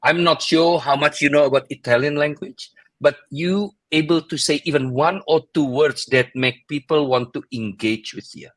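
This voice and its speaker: A man co-hosts an interview with a slightly higher voice, recorded dry with no room sound. He is jokey and cuts in, talking in loose, informal sentences. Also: normal speed, a bit bright, no echo, rough recording. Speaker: co-host. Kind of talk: casual interview chat.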